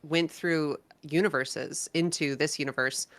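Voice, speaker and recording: Low, bright-toned chatty woman host. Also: fairly even intonation, measured pace, dry recording. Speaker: streamer host. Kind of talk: casual chat.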